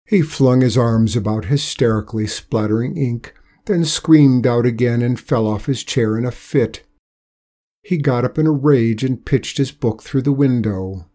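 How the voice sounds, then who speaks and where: A man reading a folk tale aloud as narrator, in a slow, measured and gentle manner. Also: mid-range voice. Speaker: storyteller. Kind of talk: storybook narration.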